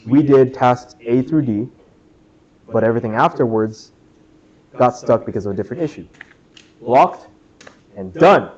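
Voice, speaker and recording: A man's voice: mid-range voice, animated, moderate pace, long pauses, a little mellow, highs cut off. A young man giving a casual club lecture to students, jokey and chatty, asking the room questions and saying "right?" a lot. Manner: chatty, asks the room questions, jokes, says "right?" often. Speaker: club workshop presenter. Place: classroom.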